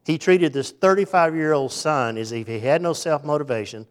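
A man's voice: fairly high pitch, moderate pace. A middle-aged man giving an informal faith talk, rambling and folksy, who acts out the people in his stories. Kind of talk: informal sermon with storytelling.

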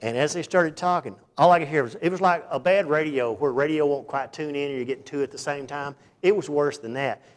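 A man preaching a sermon in a folksy, conversational way, dropping to hushed asides and rising to sudden loud bursts. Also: a little high, a little fast, few pauses. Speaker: pastor.

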